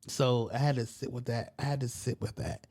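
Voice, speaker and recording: A man's voice: medium pitch, normal speed. A man hosting a podcast, loosely retelling a movie plot in a rambling, slangy way and acting out the characters' lines. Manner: rambling, loose slangy storytelling with animated quoted voices. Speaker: podcast host.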